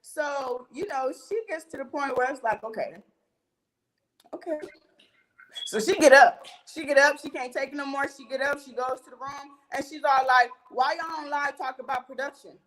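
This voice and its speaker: A young woman recounts a heated confrontation in an animated, profane chat. Her voice sits high, and she delivers the quoted arguments with emphatic punch. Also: moderate pace, low-quality recording. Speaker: reality TV cast member telling a story.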